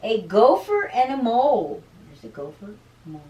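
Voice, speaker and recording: A woman reading a picture book aloud to children as a teacher. She stops to explain words and sounds animated. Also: fairly high pitch, moderate pace. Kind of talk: read-aloud storytime. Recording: roomy room, distant mic.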